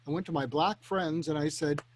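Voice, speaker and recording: A male talk show guest with a slightly high voice explains his ideas earnestly. He often restarts his phrases as he thinks aloud. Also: steady tone, a little fast, a little hiss or hum. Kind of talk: casual chat.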